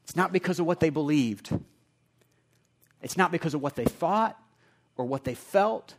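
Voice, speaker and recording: A man preaching a sermon, earnest and conversational, moving between quiet reflective passages and emphatic repeated lines. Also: on the high side, expressive, moderate pace. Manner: earnest, builds from quiet asides to emphatic repetition. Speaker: pastor.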